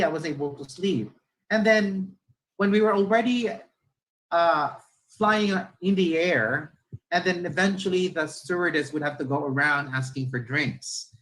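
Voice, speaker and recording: A man's voice: fairly high pitch, a bit bright, low-quality recording. A Filipino man with a Filipino accent, giving a chatty, conversational talk to teachers and slipping Filipino words into his English. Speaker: teacher trainer.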